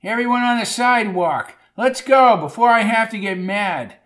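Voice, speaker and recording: A man reading an audiobook, voicing a bumbling, bossy campus security guard who shouts orders. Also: high voice, normal speed, heavy background noise, voice pushed up, lightly acted.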